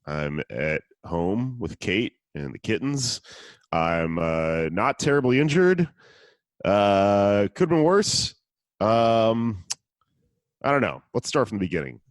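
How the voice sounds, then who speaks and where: A man's voice: on the low side, big pitch swings, slow pace, dry recording. A man hosting a casual podcast, telling a story in a profane, sardonic way. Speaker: podcast host.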